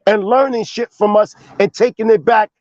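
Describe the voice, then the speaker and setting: A high-pitched man argues in a heated debate, confrontational and emphatic, swearing as he presses each point. His voice comes through a little dull and lo-fi. The sound is dry and close. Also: fairly even intonation, normal speed, darkish tone, no echo.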